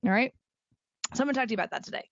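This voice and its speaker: A middle-aged woman hosting a solo podcast. She talks in an animated, emphatic way and repeats phrases for stress. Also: fairly high pitch, very fast, creaky, dry recording, lo-fi sound. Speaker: podcast host. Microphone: close mic at a desk chair.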